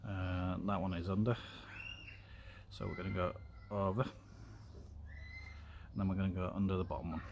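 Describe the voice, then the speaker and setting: A man with a fairly low voice chats loosely as he works through a craft project, filling pauses with ums and drifting into side topics. There is a faint room noise underneath. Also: flat delivery, creaky, darkish tone. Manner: rambling, filler-heavy, talks while working with his hands. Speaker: streamer. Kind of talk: casual craft tutorial chat.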